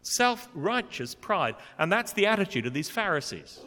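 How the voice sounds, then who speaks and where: Man preaching, bright tone, swings between hushed and emphatic, lively pitch. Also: normal speed, few pauses. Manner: expressive, rising to indignant emphasis. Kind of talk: sermon. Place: church. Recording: long church reverb.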